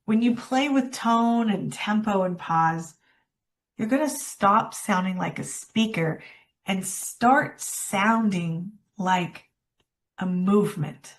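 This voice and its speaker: A woman coaching public speaking, talking expressively and demonstrating lines with dramatic pauses. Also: fairly high pitch. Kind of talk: workshop presentation.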